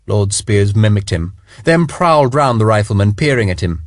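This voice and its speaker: In clean studio sound without echo, a man reads scripted audiobook narration with expressive storytelling flair. His voice sits on the low side and keeps a normal speed.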